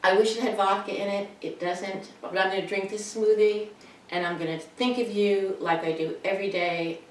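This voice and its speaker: A woman's voice: mid-range voice, fairly even intonation, moderate pace. Older woman, casual video message, wry self-deprecating rambling, echoey room, faint background noise. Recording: roomy, distant mic, faint noise.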